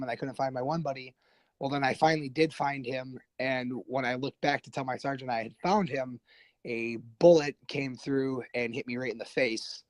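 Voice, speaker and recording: A man guest on a podcast telling a war story casually, animated and profane, acting out what others said. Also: medium pitch, no echo, poor audio. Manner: animated, profane, acts out quoted voices.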